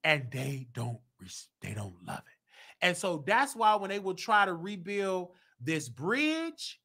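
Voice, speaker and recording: Animated man hosting a commentary show. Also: high voice, takes it slowly. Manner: animated, rising to emphatic outbursts. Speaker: show host.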